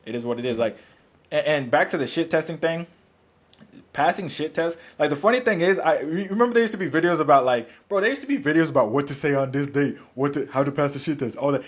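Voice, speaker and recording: Fast-talking blunt male fitness coach. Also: a little high. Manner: blunt, profane, rapid and rambling. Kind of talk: casual podcast chat.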